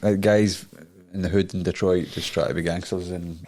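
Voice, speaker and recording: A man's voice: sits low, steady tone, normal speed, darkish tone. A Scottish man co-hosting a podcast, telling a crude story in casual chat and laughing often. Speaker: podcast co-host.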